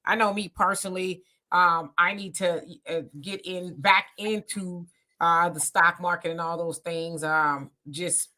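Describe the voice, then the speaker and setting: Bright-voiced woman hosting a live chat. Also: on the low side, a little slow. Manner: relaxed, playful, drawling fillers. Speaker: host. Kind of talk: casual live show chat.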